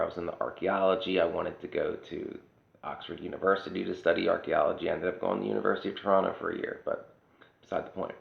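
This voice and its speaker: A vlogger from Pennsylvania delivers a casual, sarcastic ranting monologue, blunt and swearing freely. His voice is low with vocal fry, and the sound is roomy, dull, and lo-fi.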